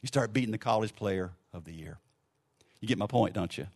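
A man's voice: on the low side, a little fast, breathy edge. Conversational male preacher telling a story. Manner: conversational storyteller, drops to a soft hush for quiet lines. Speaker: pastor. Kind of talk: sermon with a story and a closing prayer.

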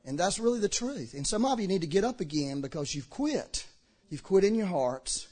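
A man preaching a sermon to a congregation, impassioned, swinging between shouting and low, earnest talk. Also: sing-song, normal speed, breathy edge. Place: church hall with a congregation.

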